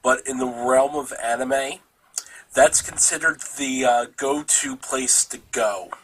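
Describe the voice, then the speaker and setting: A man on a podcast calmly and hesitantly disagreeing with the host. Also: medium pitch, slow, husky, poor audio. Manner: calm, hesitant, patiently disagreeing. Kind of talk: casual chat.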